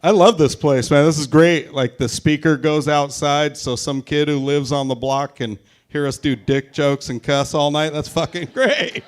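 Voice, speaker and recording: A man's voice: a little high, normal speed, hardly any pauses, clear, resonant tone. Crude self-mocking stand-up comic man. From Tacoma, Washington, US. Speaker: stand-up comedian. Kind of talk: live stand-up set. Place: live show at a brewery.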